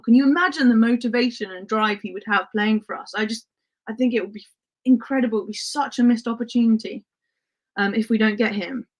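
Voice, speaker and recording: Woman, grew up in Spain, livestream host, casual chat, laughs a lot, fillers, fairly high voice. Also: a little mellow. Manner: chatty, laughs often, frequent "um" and "like". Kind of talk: casual livestream chat reading viewer comments.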